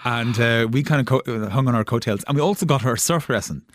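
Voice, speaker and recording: A man's voice: mid-range voice, fast, a little hiss or hum. An Irish man as an interview guest, telling stories in a rambling, casual way with many restarts. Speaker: guest, television maker. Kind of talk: casual anecdotal chat.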